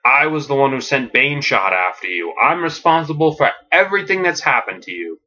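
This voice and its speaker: A man voicing a sinister, mocking villain, speaking slowly and tauntingly in a lo-fi recording. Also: medium pitch, big pitch swings, pushed and bright. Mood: gloating. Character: sinister bandaged male villain, calm and mocking.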